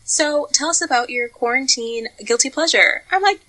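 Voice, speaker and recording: A woman's voice: sits high, normal speed, rough recording. A young woman co-hosting a podcast, chatting candidly with lots of swearing and playful storytelling. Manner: candid, profane, lively storytelling with laughs. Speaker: podcast co-host. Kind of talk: casual podcast chat.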